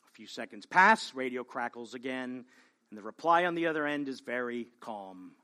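A man preaching a sermon as pastor, swinging from hushed, slow lines to loud, pleading calls. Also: medium pitch, expressive.

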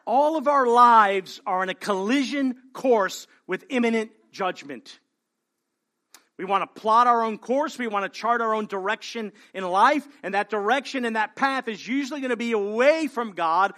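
Man, pastor, sermon, high voice, bright tone, hushed to pleading. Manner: preaching with swells from hushed to loud and pleading.

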